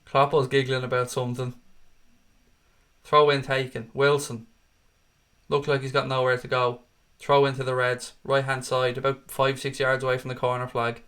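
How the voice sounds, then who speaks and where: A man commentates a football match live for his viewers, fast and profane. His voice sits at an ordinary middle pitch for a man, and he jumps between excited play calls, curses at the referee, and replies to the chat. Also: smooth. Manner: excitable, sweary, rants at the referee. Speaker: fan hosting a live watchalong.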